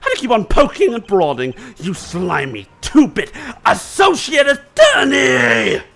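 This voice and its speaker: A man voicing a sleazy, defensive male witness in a put-on Southern accent, blustering and shouting his denials in a game playthrough. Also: high voice, huge pitch swings, normal speed, slightly rough, voice pushed up, full character voice.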